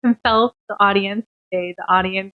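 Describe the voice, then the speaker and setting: A woman's voice: mid-range voice, fairly even intonation, moderate pace, narrow, tinny audio. A woman streamer giving chatty, amused asides while reacting to a comedy clip. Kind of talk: casual commentary over a video.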